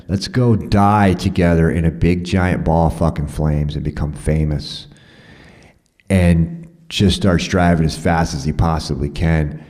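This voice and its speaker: A man's voice: low-pitched, darkish tone. A man telling a rambling personal story in a profane, conversational way, full of fillers and restarts.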